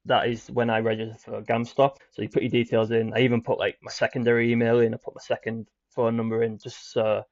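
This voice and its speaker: A young British man telling his own recovery story as a guest, in a halting way with repeated words and many fillers. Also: medium pitch, little pitch movement, no room sound. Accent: British English. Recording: dry, muffled audio.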